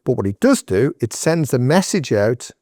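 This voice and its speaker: A man's voice: medium pitch, sing-song, normal speed, darkish tone, no room sound, clean studio sound. Emphatic man giving business advice. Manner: emphatic, direct, conversational. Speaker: guest entrepreneur. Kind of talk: podcast interview, advice.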